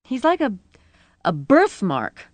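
A woman voicing a battered adult woman who is crying, shrill and furious. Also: moderate pace, creaky, darkish tone, no room sound. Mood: tearful rage. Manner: sobbing, shrill, furious outbursts.

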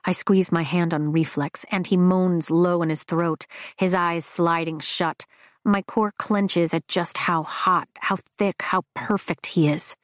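A woman reading first-person romance narration in an intimate, expressive way. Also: fairly low pitch, measured pace, no room sound, studio quality. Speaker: audiobook narrator.

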